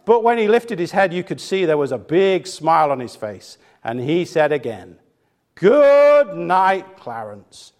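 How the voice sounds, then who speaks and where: A man preaching a sermon, telling a story with humor and building to emphatic high points. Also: expressive, normal speed, few pauses.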